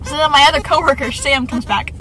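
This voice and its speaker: A woman's voice: high-pitched, a little fast, poor audio. A young woman in a casual storytime vlog, giggling often as she tells funny stories about her old job and acts out what people said. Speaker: vlogger telling work stories.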